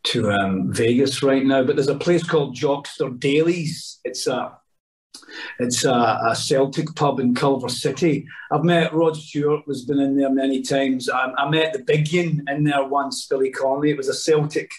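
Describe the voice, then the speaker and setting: A man's voice: medium pitch, fairly even intonation, normal speed. A middle-aged Scottish man, an actor, telling rambling anecdotes on a podcast, with lots of restarts and asides. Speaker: actor guest. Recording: voice a bit distant from mic.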